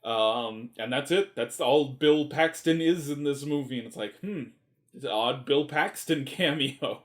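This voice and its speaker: A man's voice: mid-range voice, a little slow. Male movie reviewer, casual and rambling, enthusiastic, salty language. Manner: rambling and enthusiastic, swears freely.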